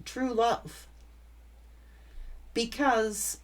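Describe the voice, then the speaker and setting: A woman's voice: fairly high pitch, fairly even intonation, very slow. A woman giving a tarot reading, blunt and emphatic, swearing freely as she talks. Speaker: tarot reader.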